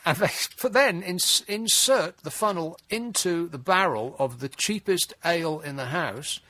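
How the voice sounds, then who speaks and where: Male phone-in host, a little high-pitched, dry and exasperated, talks in rambling asides. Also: a little slow, bright, forceful tone, dry recording. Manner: wry, exasperated, rambling with restarts. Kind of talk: late-night radio phone-in chat. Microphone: studio mic.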